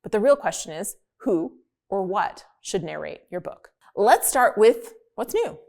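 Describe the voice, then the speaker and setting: A woman's voice: medium pitch, expressive, measured pace, gravelly, darkish tone. A woman hosting an explainer video, talking in a chatty, upbeat and emphatic way. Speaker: host.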